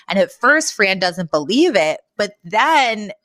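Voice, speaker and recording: A woman co-hosting a podcast, retelling a sitcom episode in animated casual chat, full of fillers. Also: fairly low pitch, a little slow, few pauses, no room sound, studio quality. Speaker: podcast co-host.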